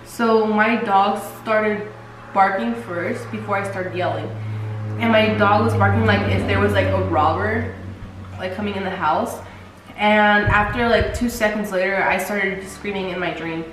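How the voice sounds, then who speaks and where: A woman's voice: mid-range voice, measured pace, background noise. A young woman co-hosting a vlog, telling stories in a chatty way full of fillers and restarts. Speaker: vlog co-host. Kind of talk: casual storytelling chat. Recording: very echoey room, distant mic, faint music.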